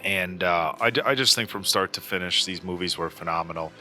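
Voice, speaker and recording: A man in his forties speaks a little fast in a low, sharp-toned voice while hosting a movie reaction, faint music behind him. He's casual and earnest, with lots of fillers and false starts.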